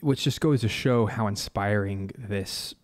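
A man's voice: lowish voice, a little slow. A man hosting a live stream, casually talking through his composing ideas and humming bits of melody as he goes. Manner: thinks aloud, hums and scats melody ideas.

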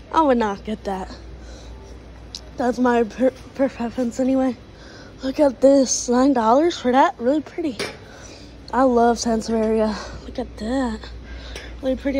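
A woman's voice: sits high, dark tone, low-quality recording. A woman vlogging a walk through a garden store on a handheld phone, chatty and gushing, with many fillers and restarts. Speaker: plant vlogger. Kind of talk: casual vlog walkthrough. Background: faint store noise.

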